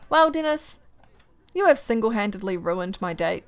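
A young woman giving casual let's-play commentary, exasperated and ranting, often breaking into quick laughs. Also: medium pitch, very animated. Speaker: gaming YouTuber.

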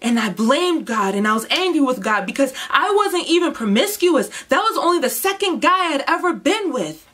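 A young woman giving an emotional personal testimony, moving between hushed, heavy moments and impassioned outbursts. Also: sits high, sing-song, normal speed, hardly any pauses. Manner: intense, swings from hushed to impassioned. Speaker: testimony speaker.

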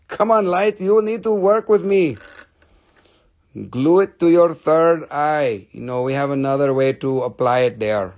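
Gravelly man hosting a live sale. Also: medium pitch, darkish tone. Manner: joking, chatty, swears casually. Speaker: host selling crystals on a live stream. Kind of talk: casual live sales chat.

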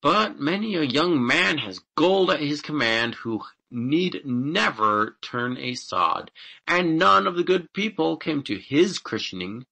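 A man voicing a greedy, boastful young farmer who speaks slowly and indignantly. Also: on the high side, lively intonation, gravelly, bright, forceful tone, pitched above the performer's own voice, full character voice. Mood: demanding. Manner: slow, demanding, indignant.

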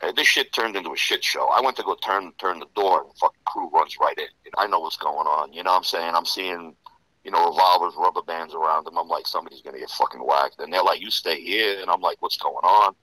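A man telling rough stories in a casual interview, profane and rambling, full of "you know". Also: low-pitched, fairly quick, pushed and bright, dry recording, poor audio. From Serbian Romanian background. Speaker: interview guest.

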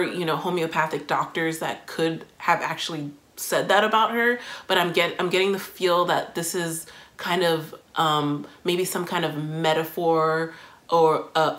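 A woman hosting a music reaction video, giving thoughtful, emotional first impressions with frequent pauses and fillers. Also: sits low, fairly bright tone. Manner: thoughtful, emotional, many fillers and self-interruptions. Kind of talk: casual reaction commentary.

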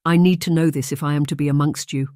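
A woman's voice: low-pitched, fairly even intonation, quick pace, mellow, no room sound, clean studio sound, close to an everyday voice. A narrator voicing a dignified noble lady who speaks formally, trying to keep her composure. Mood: earnest. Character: noble English lady, composed yet shaken.

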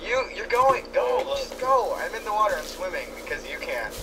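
A man's voice: sits high, wildly swooping pitch, moderate pace, pushed and bright, rough recording. A man playing along in a gaming session, teasing his friends and telling rambling stories full of fillers. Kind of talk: casual let's-play chat.

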